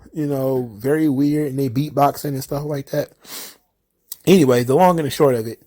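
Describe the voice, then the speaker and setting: A man hosts a casual wrestling commentary on his own, talking animatedly and poking fun at wrestlers with quick impressions. His voice is a little high.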